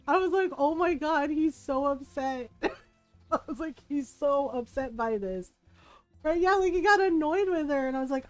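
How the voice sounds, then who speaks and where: A woman's voice: sits high, normal speed, darkish tone, no room sound, soft background music. A woman streaming a video game, chatting casually and rambling with frequent giggles. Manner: giggly, laughs often between rambling remarks. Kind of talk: casual chat while playing a video game.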